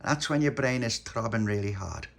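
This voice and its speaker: A man's voice: lowish voice, moderate pace, creaky. A man voicing a bossy, know-it-all young girl who lectures matter-of-factly. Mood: lecturing.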